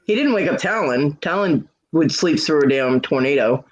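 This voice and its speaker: A livestream host with a fairly high-pitched, animated voice chats casually at a normal speed, telling candid stories, swearing freely and acting out quoted lines. The stream audio is dull and lo-fi, with a little hiss or hum.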